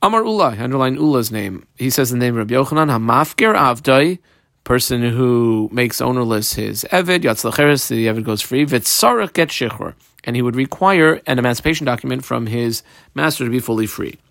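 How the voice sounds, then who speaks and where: Male Talmud teacher, mid-pitched voice, close dry mic, reads the text and then explains it line by line. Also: expressive, brisk, gravelly, fairly bright tone, no echo. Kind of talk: daily Talmud page lesson.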